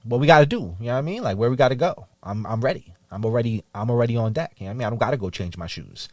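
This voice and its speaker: A man's voice: mid-range voice, lively intonation, racing, a little mellow, no room sound, studio quality. A man from New York City with a New York accent, co-hosting a podcast in casual chat and saying "you know what I mean" constantly. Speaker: podcast co-host.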